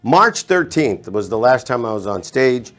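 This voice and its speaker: A middle-aged man with a Boston accent, a stand-up comedian in casual chat, telling animated stories and laughing at his own jokes. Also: mid-range voice, unhurried. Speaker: comedian guest.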